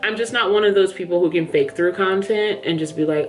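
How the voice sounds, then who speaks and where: A woman's voice: on the low side, a little fast, few pauses, soft background music. A woman book vlogger chatting candidly to camera in a small room under studio lights, a little out of breath. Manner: chatty, candid, says "yo" and "y'all". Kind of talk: casual chat to camera.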